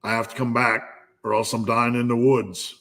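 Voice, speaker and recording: A man's voice: medium pitch, level tone, moderate pace, gravelly, fairly bright tone. A man hosting a live fitness Q&A, giving a blunt, profane pep talk. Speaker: fitness channel host.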